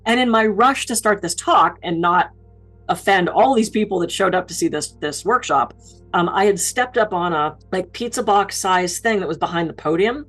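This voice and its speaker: A woman's voice: mid-range voice, normal speed, husky, faint music behind, poor audio. A woman keynote speaker giving public speaking advice, telling stories about her own mishaps with self-deprecating humor. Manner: lively self-deprecating storytelling.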